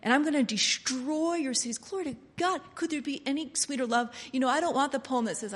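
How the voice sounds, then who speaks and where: A woman preaching a passionate sermon, swinging between soft, intimate lines and loud exclamations. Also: high-pitched, quick pace, hardly any pauses, breathy edge.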